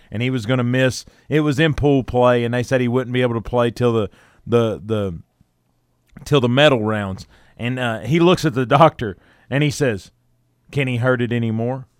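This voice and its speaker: A man co-hosting a sports talk show, retelling a story in a lively way with laughs and acted-out quotes. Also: medium pitch, clean tone, no room sound, studio quality. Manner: animated retelling, laughing, with quick quoted voices. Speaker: sports radio co-host.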